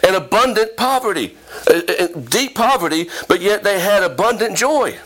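A man preaching an animated, emphatic sermon in a church, repeating phrases and acting out quotes. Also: high-pitched, normal speed, rough recording. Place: church before a responding congregation.

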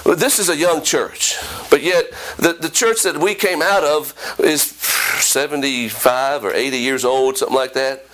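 A man's voice: unhurried, few pauses, a bit bright. A male pastor preaching a sermon to a responsive congregation, fervent, reading scripture aloud and calling out praise. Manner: fervent, rising pitch when quoting.

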